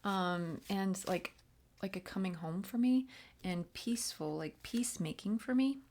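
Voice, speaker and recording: A woman with a mid-range voice gives a chatty, rambling channeled tarot reading at a measured pace, laughing often. She slips into soft whispered chants, with slight background noise in the recording.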